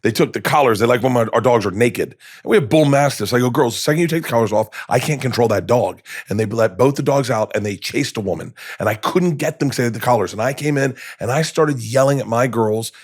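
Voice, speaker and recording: Animated storytelling man, dry studio sound. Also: medium pitch, fast talker, hardly any pauses, slightly rough, no room sound. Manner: animated, acts out voices in his anecdotes, swears casually. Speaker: guest, comedian. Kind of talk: storytelling in casual conversation. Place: podcast studio.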